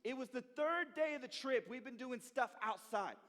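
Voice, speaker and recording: A young man who interns at a church, telling a story to a youth group in an animated way and often checking in with "okay?" and "right?". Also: very high-pitched, moderate pace. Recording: long reverb in a hall.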